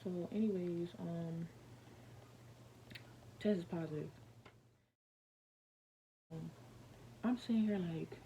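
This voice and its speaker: A woman vlogger tells a personal story in a loose, rambling way, full of fillers and restarts. Her voice sits low and has a gravelly edge. Steady noise hums clearly behind her. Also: takes it slowly, pauses often, lo-fi sound. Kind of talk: casual storytelling.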